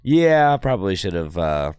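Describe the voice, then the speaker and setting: A hoarse man with a very low, gravelly voice talks his card game stream through in a chatty, think-aloud way. His pitch still swings widely, and the sound is close and dry. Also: expressive, unhurried, dry recording. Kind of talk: casual live-stream commentary.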